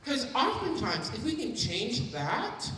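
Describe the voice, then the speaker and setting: A woman's voice: a little high, wildly swooping pitch, takes it slowly, fairly bright tone, distant mic, a little hiss or hum. Woman lecturing caregivers in an echoey hall. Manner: interactive, keeps checking in with the audience. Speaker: dementia care educator. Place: large hall at a community forum.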